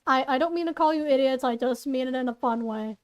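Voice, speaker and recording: High-voiced female reader, chatty asides, stumbling and playful. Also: fast. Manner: playful, self-conscious, stumbling. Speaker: story reader and voice actor. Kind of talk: casual story reading with asides.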